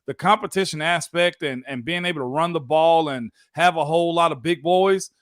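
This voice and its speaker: A man co-hosting a casual sports talk show as a former pro football lineman, talking in an animated, folksy way. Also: on the high side, a little fast, dry recording, clean studio sound. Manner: animated, folksy, repeats "you know what I'm saying".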